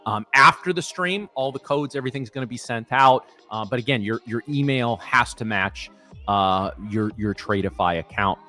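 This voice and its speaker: Chatty Midwestern stream host. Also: male voice, medium pitch, moderate pace, bright, forceful tone. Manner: chatty, hosts the giveaway. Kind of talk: casual live-stream chat.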